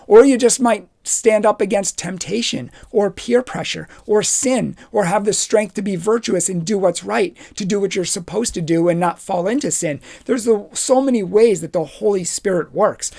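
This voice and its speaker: A man giving a youth retreat talk, telling personal stories with lively energy and acting out the dialogue. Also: high voice, normal speed, hardly any pauses. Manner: animated storytelling, acts out dialogue. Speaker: confirmation retreat speaker.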